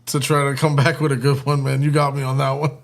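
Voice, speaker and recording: A man's voice: mid-range voice, little pitch movement, fairly quick, vocal fry. Easygoing man hosting a live stream. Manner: joking, laughs often, talks to chat. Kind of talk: casual live-stream chat while building a kit.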